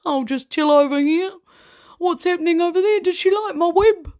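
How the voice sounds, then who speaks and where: A woman's voice: extremely high pitch, moderate pace, darkish tone, pitched above the performer's own voice. A woman voicing a timid, dreamy little male spider, meek and easily pleased. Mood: meek wonder.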